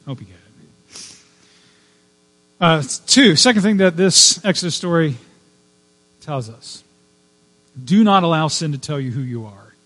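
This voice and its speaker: A pastor preaching in a chatty style, man with a fairly high voice. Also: lively intonation, moderate pace, pauses often, a bit bright. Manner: conversational, digressive storytelling with personal asides. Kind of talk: sermon.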